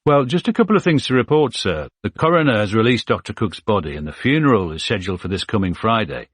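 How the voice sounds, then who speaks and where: A man's voice: lowish voice, animated, quick pace, slightly rough, no echo, pitched above the performer's own voice. A man voicing a formal, courteous male police detective with a Birmingham accent. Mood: polite, formal. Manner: formal and courteous, says sir.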